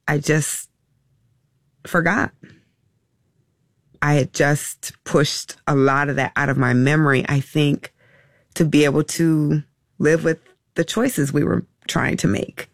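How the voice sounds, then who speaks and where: Woman, middle-aged, emotional and halting, slow, fry in the voice. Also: deep voice, steady tone, dry recording, clean studio sound. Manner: halting, emotional, many restarts and fillers. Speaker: interview guest. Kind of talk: reflective personal storytelling.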